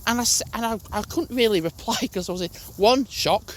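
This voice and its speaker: A man's voice: high voice, a little fast, fairly bright tone, a little hiss or hum. Rambling young Englishman telling a story. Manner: rambling, restarts and swears while retelling. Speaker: gaming channel host. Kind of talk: casual storytelling to camera.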